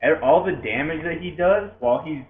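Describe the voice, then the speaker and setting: A man's voice: on the high side, a little fast. A young man co-hosting a podcast, laid-back, explaining game details in casual chat. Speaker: podcast co-host. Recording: tinny echoey lo-fi room with faint noise.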